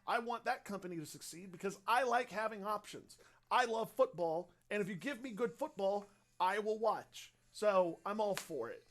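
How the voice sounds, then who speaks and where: A man's voice: high voice, normal speed, a bit bright. A young man hosting a radio show livestream, rambling casually and upbeat as he reads out viewer questions. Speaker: radio host.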